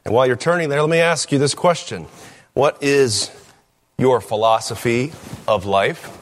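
Man, pastor, conversational sermon, asks the congregation questions, slow scripture reading, long reverb of a large church room. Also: medium pitch, slight background noise. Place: church sanctuary.

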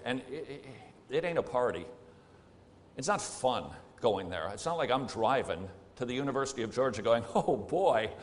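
A man's voice: mid-range voice, a little hiss or hum. Man, sermon, emphatic, plain-spoken, rhetorical questions, long church reverb. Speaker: preacher.

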